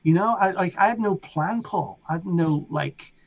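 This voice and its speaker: A middle-aged man from England with a Liverpool accent, a DJ telling animated stories as an interview guest and acting out voices and sounds. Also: sits high, moderate pace, lo-fi sound. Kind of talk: casual storytelling.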